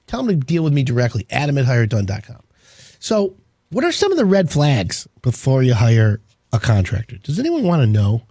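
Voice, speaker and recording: Lively, husky-voiced male radio host. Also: a little high, moderate pace, no room sound, clean studio sound. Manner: rambling, enthusiastic salesman patter. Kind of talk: casual on-air talk.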